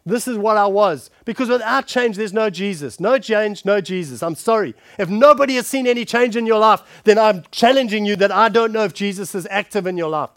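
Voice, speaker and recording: A man preaching a sermon, calling his listeners friends and shifting between forceful punches and hushed scripture reading. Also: sits high, a little fast, few pauses, no room sound, clean studio sound. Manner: emphatic, addresses the congregation directly as friends.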